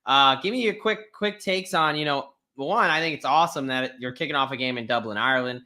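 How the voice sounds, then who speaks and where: A man co-hosting a sports betting podcast, chatting casually with a hyped-up, drawn-out delivery. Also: medium pitch, sharp tone. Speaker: podcast co-host.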